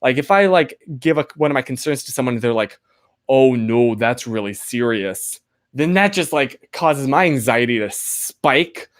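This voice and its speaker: Talking at a moderate pace with hardly any pauses, a young livestream host sounds expressive and a bit bright at medium pitch. He chats with viewers in a rambling, apologetic manner full of fillers, playfully calling out names from chat.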